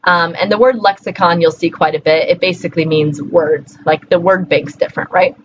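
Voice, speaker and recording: A woman's voice: fairly low pitch, steady tone, brisk. A woman from Colorado giving a recorded linguistics lecture in a conversational way, with many fillers and checks like "right?". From Colorado, USA. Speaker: linguistics teacher. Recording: slightly dull, faint background hum.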